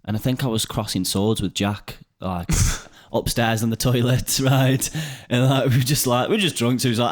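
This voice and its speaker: A young man with a Stoke accent, chatting casually as a podcast host and telling lively stories, swearing and laughing often. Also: medium pitch, normal speed, hardly any pauses. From Stoke-on-Trent, England. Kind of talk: casual chat.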